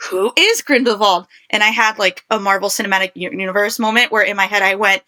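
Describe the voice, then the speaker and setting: A woman's voice: mid-range voice, little pitch movement, quick pace, pushed and bright. A woman guesting on a podcast, chatting enthusiastically, laughing often and acting out quotes. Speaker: podcast guest, graphic designer. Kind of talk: casual chat.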